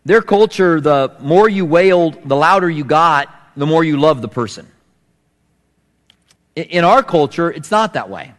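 Preacher man with a fairly high voice in a reverberant hall. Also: animated, unhurried. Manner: storytelling preacher, acts out voices with big swings in pitch. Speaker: pastor. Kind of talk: sermon.

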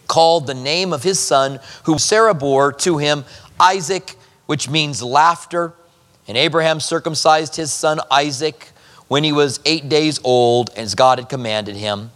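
Working through the text verse by verse, a male pastor delivers an expository sermon and chats with the congregation in asides. He sounds a little high and slightly bright, with long hall reverb around him.

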